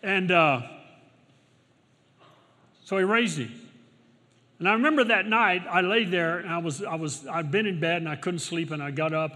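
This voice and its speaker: A middle-aged male pastor preaching a sermon, swinging from loud exclamations to quiet storytelling, recorded in a large church auditorium. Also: high-pitched, normal speed, pauses often. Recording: long hall reverb.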